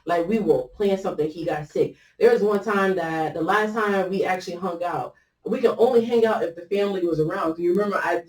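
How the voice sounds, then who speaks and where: A woman's voice: fairly low pitch, moderate pace, a little mellow. A woman host telling a personal story in a casual, rambling way, with many fillers and restarts as she quotes what others said. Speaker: podcast host. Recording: roomy echo, mic at a distance.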